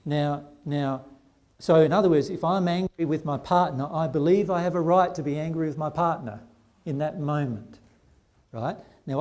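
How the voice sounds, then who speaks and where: Man, higher pitch, mellow tone, earnest seminar teacher who keeps asking "right?". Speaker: spiritual teacher. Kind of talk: seminar talk to a live audience.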